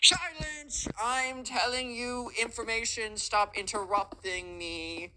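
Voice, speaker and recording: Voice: medium pitch, unhurried, sharp tone, a little hiss or hum, pitched above the performer's own voice, low-quality recording. A narrator doing a preachy conspiracy schoolboy. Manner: preachy, bossy lecturing. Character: smug conspiracy-minded Gen Z schoolboy.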